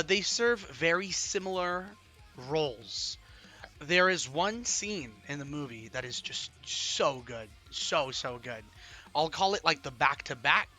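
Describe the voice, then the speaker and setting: A man giving a casual, excitable film review, rambling with frequent ums and repeating himself. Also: fairly high pitch. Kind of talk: casual livestream movie review.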